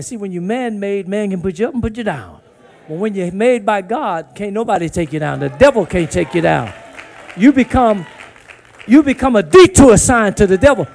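Male preacher, very high pitched, swings from quiet to fervent shouts. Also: vocal fry. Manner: call-and-response preaching, swings from hushed to shouting. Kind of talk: sermon.

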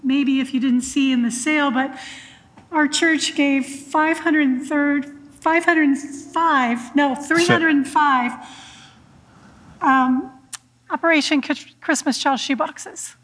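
High, slow woman speaking from afar. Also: steady tone, fairly bright tone, low-quality recording. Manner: halting, correcting herself. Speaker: congregation member leading prayer. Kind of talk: church announcement.

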